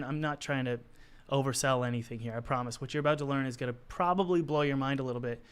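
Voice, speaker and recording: A man with a hoarse, worn voice, teaching art on a casual live stream, chatty and encouraging as he answers the chat while he works. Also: medium pitch. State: hoarse, losing his voice.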